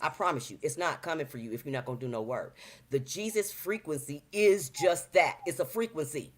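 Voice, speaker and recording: A woman in her fifties chatting casually as a talk show guest, animated and preachy, full of slang, acting out little quoted voices. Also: low-pitched, brisk. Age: 50s. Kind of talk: casual chat.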